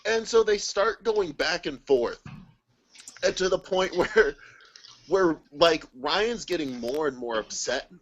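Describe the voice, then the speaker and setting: Guy on a video call telling a wild story, kinda high voice, laughs a lot, does all the voices. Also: takes it slowly, muffled recording, slight background noise. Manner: animated, laughing often, acts out quoted people. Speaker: guest.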